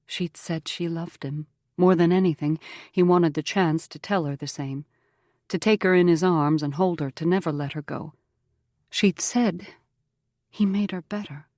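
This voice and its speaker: A woman narrating an audiobook in a measured, earnest storytelling manner on a close mic. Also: lowish voice, darkish tone, no echo. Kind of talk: scripted narration.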